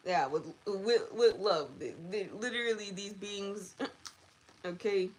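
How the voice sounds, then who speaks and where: Woman tarot reader, medium pitch, chatty live-stream delivery, laughs easily. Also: takes it slowly. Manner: chatty, animated, laughs often. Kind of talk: live collective tarot reading.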